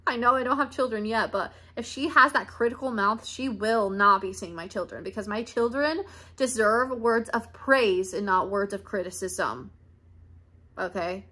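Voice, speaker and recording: A woman's voice: mid-range voice, moderate pace, sharp tone. A young woman venting in a candid, emotional monologue, blunt and swearing freely. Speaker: podcast host.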